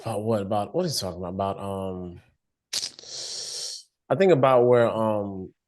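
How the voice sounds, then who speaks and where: A man co-hosting a podcast in casual chat, chiming in with relaxed, hesitant recaps. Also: on the low side. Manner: relaxed, hesitant, with fillers and quick interjections. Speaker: podcast co-host.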